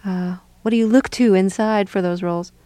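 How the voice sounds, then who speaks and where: A woman hosting an interview, asking attentive, measured questions. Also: medium pitch, steady tone, dark tone, dry recording. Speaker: interviewer, host. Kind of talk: radio interview.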